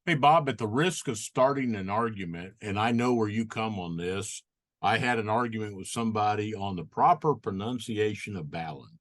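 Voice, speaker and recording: Male host on a video call, low voice, dry sound, easygoing moderator. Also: moderate pace, dry recording. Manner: relaxed, hesitant, many fillers. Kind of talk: casual video-call chat.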